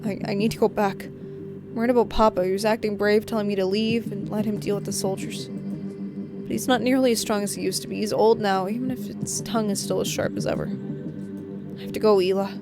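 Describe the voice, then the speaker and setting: A woman's voice: mid-range voice, fairly even intonation, brisk, over loud music, natural voice. Woman reading as an anxious young inventor. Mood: worried. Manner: anxious, hesitant.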